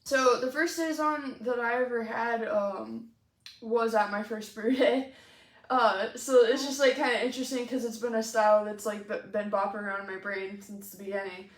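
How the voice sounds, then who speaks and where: In an echoey room, a woman co-hosting a homebrewing show chats casually while tasting beer, laughing often and using lots of fillers. Her voice is a little high, with fairly even intonation and a moderate pace.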